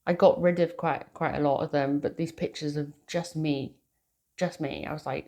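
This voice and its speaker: A woman's voice: low-pitched, steady tone, moderate pace, a little mellow. A middle-aged woman with a British accent, a tarot reader sharing a heartfelt message with her viewers, talking earnestly and hesitantly with many fillers. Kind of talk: casual spiritual message to viewers.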